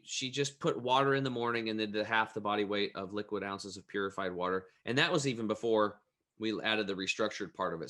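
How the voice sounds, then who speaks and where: A man speaking as an interview guest, an energetic, emphatic and plain-spoken storyteller. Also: fairly low pitch.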